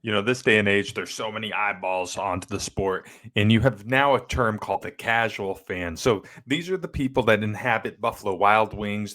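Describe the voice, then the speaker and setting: A man's voice: lowish voice, a bit bright. A man hosting an interview, asking long, joking questions. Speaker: interviewer, host.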